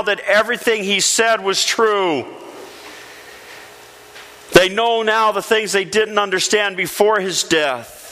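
A man's voice: high voice, takes it slowly, long pauses, pushed and bright. A pastor preaching a sermon to his church, emphatic, repeating phrases and putting questions to the congregation. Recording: reverberant church hall.

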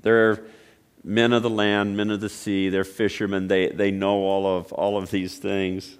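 Slow-speaking male pastor preaching. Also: on the low side, level tone, clean tone. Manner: dramatic swings from loud exclaiming to hushed near-whispers; storytelling with repeated restarts and rhetorical questions. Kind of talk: sermon.

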